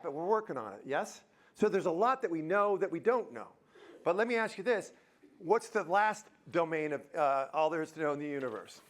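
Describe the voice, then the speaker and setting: A man giving a live motivational talk in a university auditorium, joking and quizzing the audience. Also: high voice. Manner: lively, jokey, quizzes the crowd. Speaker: motivational speaker.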